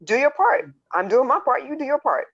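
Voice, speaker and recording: A woman co-hosting a live podcast, animated and blunt, acting out the quotes she tells. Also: high voice, a little fast, highs cut off. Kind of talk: live-streamed podcast talk.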